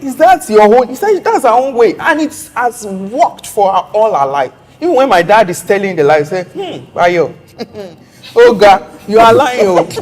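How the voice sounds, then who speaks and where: A soft-spoken speaker telling a personal story in a casual conversation, quoting what others said. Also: medium pitch, long reverb tail.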